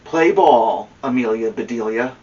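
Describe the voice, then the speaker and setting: A man co-hosting a podcast, reading a children's picture book aloud with expressive, drawn-out storytelling. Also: mid-range voice. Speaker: storybook reader and podcast co-host. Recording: dull distant recording.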